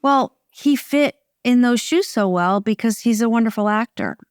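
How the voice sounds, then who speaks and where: A middle-aged American woman, a film director, chatting in an interview in a wry, relaxed way with short phrases and restarts. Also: fairly high pitch, moderate pace, clear, resonant tone, no echo, studio quality. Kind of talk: casual interview conversation.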